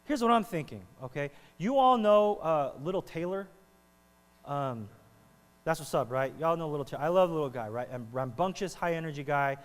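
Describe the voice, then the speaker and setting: A man preaching a sermon as pastor, animated and conversational, often checking in with the congregation. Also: a little high, normal speed. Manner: animated, talks to the congregation with frequent "right?". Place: church hall. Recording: reverberant hall with mains hum.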